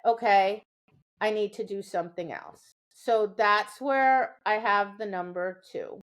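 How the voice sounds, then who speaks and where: With a mid-range voice and measured pace, a woman dog trainer explains training in chatty fashion as a podcast co-host. It's casual podcast talk, and she keeps checking in with "right?".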